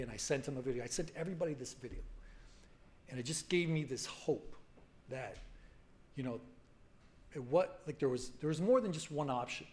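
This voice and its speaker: A man in his forties telling his own story to a symposium audience, halting and emotional, full of restarts and fillers. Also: medium pitch, darkish tone. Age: 40s. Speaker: patient speaker at a medical symposium. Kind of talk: personal story told to an audience. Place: conference hall.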